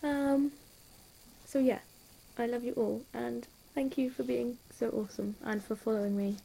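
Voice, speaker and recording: A woman with an English accent talks to camera in a loose, rambling vlog, gushing and doubling up her words. Her voice sits a little high, with a gravelly fry running through it and a mellow, soft-edged tone. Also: fairly even intonation, moderate pace. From England. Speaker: vlogger. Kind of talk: casual chat to camera.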